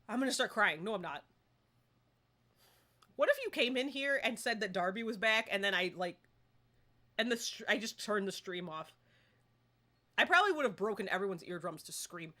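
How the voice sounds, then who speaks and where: A young woman live-streaming a game, chatting casually and excitably and breaking into squeals. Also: mid-range voice.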